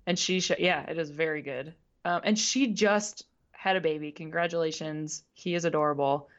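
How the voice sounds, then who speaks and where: A woman's voice: sits low, normal speed, dull audio. A woman co-hosting a radio show, chatting casually and laughing often, sometimes stumbling over names. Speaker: podcast co-host. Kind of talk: casual sports chat.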